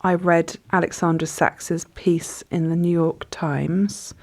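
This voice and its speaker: A woman's voice: fairly low pitch, little pitch movement, takes it slowly. A woman, speaking as an author guest in a reflective, thoughtful way with frequent hesitations. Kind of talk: conversational interview.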